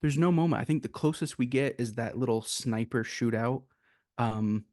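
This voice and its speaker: A man's voice: mid-range voice, moderate pace, darkish tone, dry recording, studio quality. A man co-hosting a casual film review, making earnest points with rhetorical questions. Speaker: podcast co-host.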